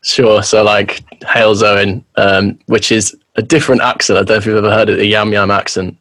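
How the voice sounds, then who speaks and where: English guy in his thirties, lowish voice, earnest and rambling, dry close sound. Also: little pitch movement, brisk, a bit bright, dry recording. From England. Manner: earnest, rambling, self-deprecating. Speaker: guest musician. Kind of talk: casual podcast interview.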